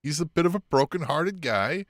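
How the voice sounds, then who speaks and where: Male co-host, fairly high and very lively pitch, dry close sound, laughs and swears. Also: dry recording. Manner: laughing, profane, quick to chime in. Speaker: podcast co-host. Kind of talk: casual wrestling podcast chat.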